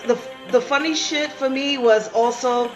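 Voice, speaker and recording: A woman co-hosting a wrestling podcast, giving scores in relaxed, casual talk. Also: high voice, measured pace, lo-fi sound, over music. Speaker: podcast co-host. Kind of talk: casual chat.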